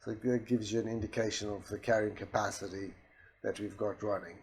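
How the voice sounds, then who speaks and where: Man, lowish voice, soft and unprojected, explains a software demo step by step. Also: fairly quick. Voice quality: soft, voice not carrying far. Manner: steady explanatory, with restarts and voice commands. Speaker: software demonstrator. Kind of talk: screen-recorded product demo.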